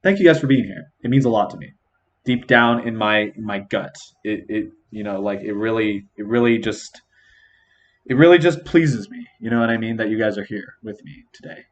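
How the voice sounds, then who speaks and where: A man's voice: fairly low pitch, steady tone, brisk, dull audio. A young man hosting a casual podcast chat with friends, rambling and laid-back, laughing often. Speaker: podcast host.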